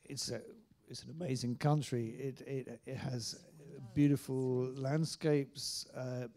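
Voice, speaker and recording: Very dark-voiced hesitant man. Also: medium pitch, fairly even intonation, slow. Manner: hesitant, with frequent restarts and fillers. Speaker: writer-director guest. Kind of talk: onstage panel discussion.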